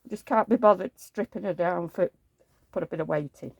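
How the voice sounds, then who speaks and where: A woman's voice: fairly low pitch, a little fast, creaky, darkish tone, husky, no echo. A woman, rambling through homely anecdotes in a chatty vlog and acting out the dialogue. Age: 70s. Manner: rambling anecdotal storytelling, acts out quoted dialogue. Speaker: reborn doll collector.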